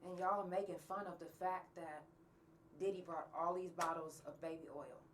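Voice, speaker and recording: Woman host, candid rant, heavy cursing, low-ish voice; faint background hiss. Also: fairly even intonation, normal speed, far from the mic. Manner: blunt, angry, swears often. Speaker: podcast host. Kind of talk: candid monologue to listeners.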